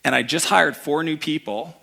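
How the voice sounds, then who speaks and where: A man giving an energetic motivational talk to a live audience, telling personal stories and acting out the people in them. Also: on the high side, normal speed, vocal fry, breathy edge. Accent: Canadian. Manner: energetic storytelling, acts out voices in anecdotes. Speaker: keynote speaker. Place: event hall before a live audience.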